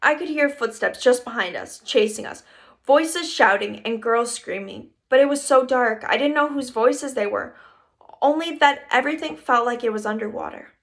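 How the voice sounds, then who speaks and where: A woman reading a first-person children's story aloud in a lively storytelling manner. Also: on the high side, normal speed. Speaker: reader. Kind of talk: audiobook narration.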